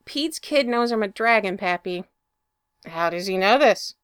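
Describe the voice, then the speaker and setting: A woman's voice: mid-range voice, lively intonation, unhurried, a bit bright, clear, resonant tone, no room sound, clean studio sound. A woman voicing a scratchy, nervous man. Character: nervous adult man hiding a secret, scratchy throat.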